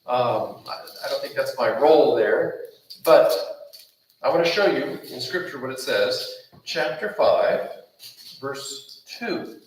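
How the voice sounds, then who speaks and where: A man's voice: fairly high pitch, a bit bright. A man preaching a Bible study sermon, emphatic and repetitive, asking the listeners rhetorical questions. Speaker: pastor. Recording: roomy echo, mic far off, faint noise.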